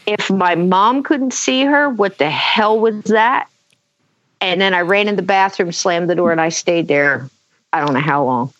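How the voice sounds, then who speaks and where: A woman telling a personal story in conversation, animated, acting out quotes, with many fillers. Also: fairly low pitch, a little slow, no room sound. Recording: dull lo-fi dry sound.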